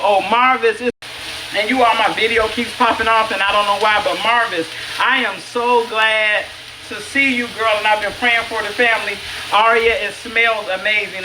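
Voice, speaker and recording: A woman's voice: medium pitch, background noise. A middle-aged woman chef hosting a home cooking livestream in her kitchen, chatting with viewers by name and teasing herself as she cooks. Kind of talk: live-streamed cooking demo, casual chat. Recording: echoey kitchen with loud sizzling. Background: sizzling skillet.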